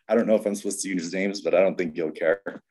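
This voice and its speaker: A man's voice: sits low, moderate pace. A man, a Navy veteran, telling a rambling story in casual conversation with many fillers and acting out quoted dialogue. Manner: acts out quoted dialogue in animated voices.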